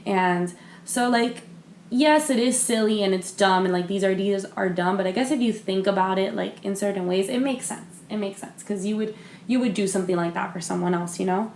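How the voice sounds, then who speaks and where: A podcast co-host speaks briskly in a mid-range, darkish voice, with a little hiss or hum audible. Her casual chat is full of fillers and restarts, and the recording has a roomy echo.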